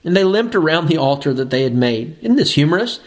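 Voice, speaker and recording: A man's voice: on the high side, very animated, fairly quick. A man preaching a sermon and reading scripture aloud, emphatic and rising on key phrases.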